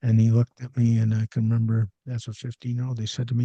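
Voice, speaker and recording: A man's voice: mid-range voice, completely flat delivery, quick pace, hardly any pauses, warm tone, husky, no echo. A man hosting a podcast, telling candid anecdotes with frequent ums in a casual conversation, on a slightly dull recording. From Canada. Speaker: podcast host.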